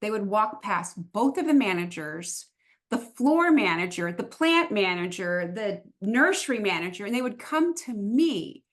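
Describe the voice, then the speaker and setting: A woman who retired from police work, hosting an interview and telling stories in a loud, lively voice. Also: mid-range voice, measured pace. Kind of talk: casual interview talk.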